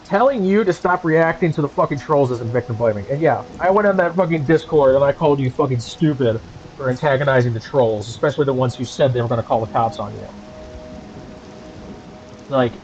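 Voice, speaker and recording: A man's voice: mid-range voice, darkish tone, muffled recording. A man streaming from home, ranting angrily and sarcastically with heavy profanity as the channel's host.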